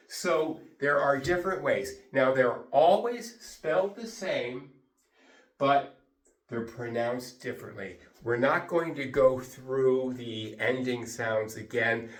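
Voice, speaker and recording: A man teaching English pronunciation to a class, drilling sounds slowly with lots of repetition. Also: mid-range voice. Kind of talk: classroom lesson. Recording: echoey room, voice from far off.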